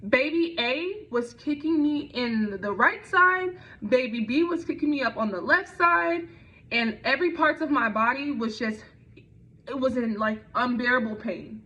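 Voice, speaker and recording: A woman's voice: high-pitched, expressive, unhurried, bright, forceful tone. A young woman telling a personal story in a conversational way, with frequent fillers and restarts. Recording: dull lo-fi recording.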